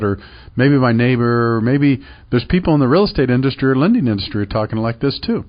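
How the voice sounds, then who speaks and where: A man's voice: medium pitch, moderate pace, dull audio. A middle-aged man hosting a radio show about real estate, talking in an emphatic, persuasive way that repeats points and asks rhetorical questions. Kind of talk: call-to-action radio talk.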